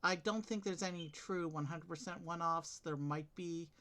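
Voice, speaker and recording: A man's voice: a little high, moderate pace, pushed and bright. Thoughtful explaining male co-streamer. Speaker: co-streamer reading game text. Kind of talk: casual live-stream chat.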